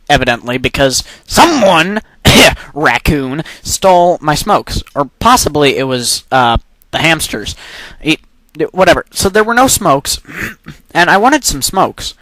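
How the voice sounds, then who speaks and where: Guy rambling nonsense into his computer mic, kinda high voice, dry close sound, lots of stop-start. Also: a bit bright, no echo, poor audio. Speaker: amateur narrator. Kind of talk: improvised rambling comic monologue. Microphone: computer microphone.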